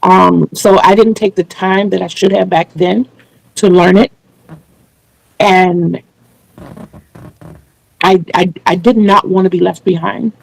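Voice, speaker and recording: Gravelly-voiced woman hosting a chat. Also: on the low side, fairly even intonation, takes it slowly, pauses often, low-quality recording. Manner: earnest, explains at length with small restarts. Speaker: channel host interviewing a guest. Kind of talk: casual video interview chat.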